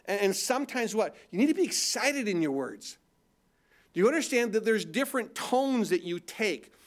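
A middle-aged male pastor delivers a sermon in a relaxed, conversational manner. His voice sits slightly higher than most men's, and he often asks rhetorical questions and repeats his words as he goes. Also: moderate pace.

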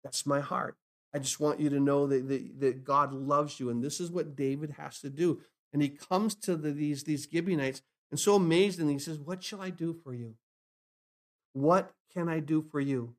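A man preaches to his congregation, answering his own rhetorical questions and repeating key phrases. His fairly high voice drops to near hushed lines, then climbs into loud, emphatic bursts. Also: fairly even intonation, moderate pace. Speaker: pastor. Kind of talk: sermon.

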